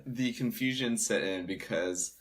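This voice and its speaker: A man's voice: on the low side, unhurried. A man co-hosting a podcast, chatting casually and recapping films with small restarts. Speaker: podcast co-host. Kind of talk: casual chat.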